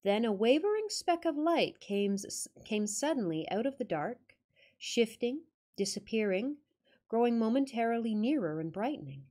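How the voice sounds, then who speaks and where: A woman's voice: on the high side, sing-song, normal speed, warm tone. A woman narrating a classic ghost story with dramatic reading and wry, joking asides.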